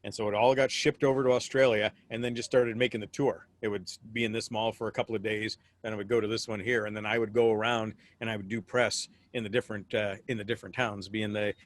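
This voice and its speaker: A man's voice: lowish voice, flat delivery, fast talker, hardly any pauses, dry recording. A middle-aged American man with a rambling, restart-filled way of talking, chatting as a guest on a video call. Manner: rambling storyteller with frequent restarts. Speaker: guest, memorabilia collector. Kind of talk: casual video call chat.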